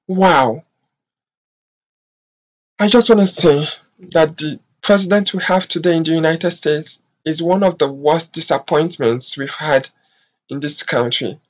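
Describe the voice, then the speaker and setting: A vlogger from talks straight to the camera. The delivery is impassioned and exasperated, thick with profanity and emphatic repeats. It is broken by drawn-out filler sounds and pauses. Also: medium pitch, low-quality recording. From West Africa. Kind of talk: emotional vlog rant to camera.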